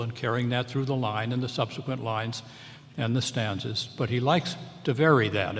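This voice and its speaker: A man speaking as an English professor on a memorial panel, walking through the meter of a poem with measured, explanatory care. He slows down to sound out lines of verse, and his voice carries a long reverb from a large hall. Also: medium pitch. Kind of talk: close-reading lecture on a poem.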